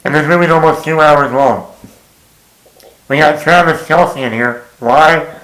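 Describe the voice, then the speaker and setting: A man reviews a film in a blunt, exasperated way and swears freely. His voice sits a little high for a man, and he talks slowly and unhurriedly. The room around him is noticeably echoey. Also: fairly bright tone, a little hiss or hum. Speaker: movie reviewer. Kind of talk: casual spoken film review.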